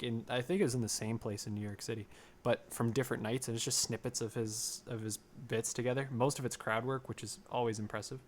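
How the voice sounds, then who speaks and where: A man's voice: medium pitch, slight background noise. A man co-hosting a casual podcast chat, rambling through what he watched with plenty of fillers. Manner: rambling, animated storytelling with fillers. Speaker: podcast co-host.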